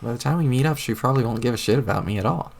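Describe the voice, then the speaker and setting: A man reading aloud as a wry, deadpan teenage girl adventurer who rambles. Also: mid-range voice, very fast, gravelly.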